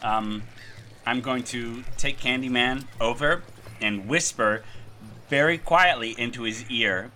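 A man playing a tabletop game, talking haltingly with lots of ums. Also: medium pitch, sharp tone, a little hiss or hum. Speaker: player. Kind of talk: in-character tabletop banter.

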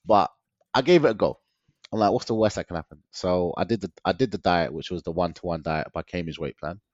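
A man's voice: low voice, fairly quick, dry recording. Slangy man telling his story. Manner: slangy, laughing often, animated retelling. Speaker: guest. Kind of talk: casual storytelling interview. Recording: dull lo-fi dry sound.

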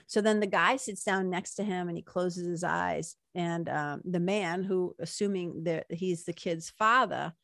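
A woman's voice: lowish voice, measured pace, gravelly, few pauses, fairly bright tone, dry recording, studio quality. A woman talking casually, retelling a story from a book, full of "like" and "right?" asides. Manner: chatty, lots of "like" and "right?" tag questions. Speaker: speaker retelling a book passage. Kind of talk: casual talk with read-aloud quotes.

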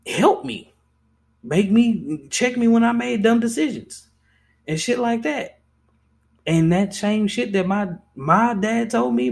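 A man's voice: high voice, vocal fry. Blunt, impassioned young man. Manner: blunt and impassioned, frequent swearing and restarts. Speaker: podcast host. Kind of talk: casual podcast monologue.

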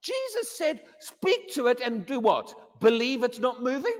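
In a church hall with long, echoing reverb, a man from England preaches in an animated, unhurried way. The pastor hammers his points through repetition and mocks a wailing believer by putting on a high voice.

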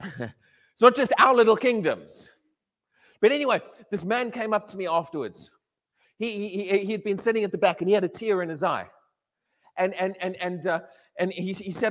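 A middle-aged male preacher with a high, light voice tells a story from the pulpit, often tripping over his words and stopping to laugh. His sermon rings through a hall with a long reverb tail. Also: animated, fairly quick. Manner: storytelling, frequent stammered restarts and laughs.

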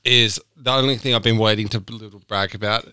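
Bright-voiced Australian man telling stories. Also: fairly low pitch, a little fast, clear, resonant tone, no room sound, clean studio sound. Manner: sweary, animated storytelling with put-on voices. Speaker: podcast co-host. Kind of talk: casual chat.

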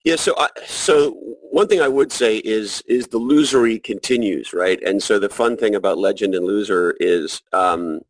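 A man's voice: lowish voice, normal speed, hardly any pauses, dry recording, poor audio. A middle-aged man talking as a podcast guest in a reflective, casual way, often restarting his sentences. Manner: reflective, many restarts and fillers. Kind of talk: casual interview conversation.

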